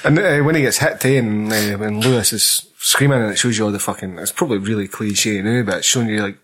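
A man's voice: fairly low pitch, fast talker, fairly bright tone, breathy edge. A man with a Scottish accent in a casual film chat, blunt, swearing heavily and repeating himself. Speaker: podcast co-host.

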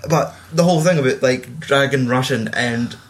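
A man in casual chat, swearing freely and acting out quotes in a louder voice. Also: mid-range voice, moderate pace. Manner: swears a lot, acts out quotes in raised voices.

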